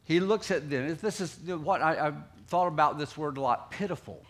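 A middle-aged man with a Southern American accent preaches, his voice sitting a little above the usual male range. He drives earnestly through his points, often dropping into soft, quiet asides before pressing in again. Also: on the high side, normal speed. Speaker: pastor. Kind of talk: sermon.

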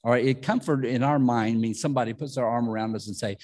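A man's voice: medium pitch, quick pace, darkish tone. A man preaching a conversational sermon, with asides and frequent restarts. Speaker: pastor.

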